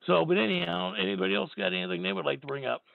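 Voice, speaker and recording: A tired man with a raspy voice, hosting a call-in talk show and rambling emphatically. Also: high voice, sing-song, very fast. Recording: tinny phone line.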